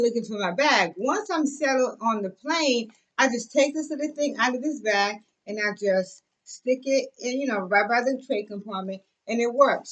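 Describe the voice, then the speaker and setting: A woman's voice: on the high side, fairly bright tone, poor audio. A young adult woman talking casually on camera, chatty and effusive, with lots of fillers and asides as she shows off a bag. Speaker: vlogger. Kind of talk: casual show-and-tell chat.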